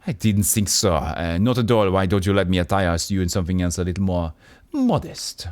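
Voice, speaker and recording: Guy playing a stuck-up middle-aged tailor, scolding and prissy, bit raised pitch. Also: expressive, brisk, a little mellow, dry recording. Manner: primly scolding and condescending. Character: prim, haughty middle-aged male tailor.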